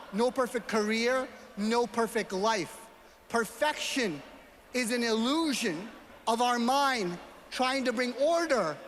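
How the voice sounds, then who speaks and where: A man from New York with a New York accent, giving a motivational speech as a gala speaker and telling a story while often shouting out to the crowd. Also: very high-pitched, a little hiss or hum. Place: large banquet hall. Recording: hall reverb, faint ambience.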